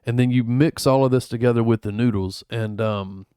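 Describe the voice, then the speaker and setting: A man's voice: medium pitch, normal speed, mellow, clear, resonant tone, no echo, clean studio sound. A man streaming in a rambling, laid-back chat full of fillers, going over his travel photos. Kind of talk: casual chat.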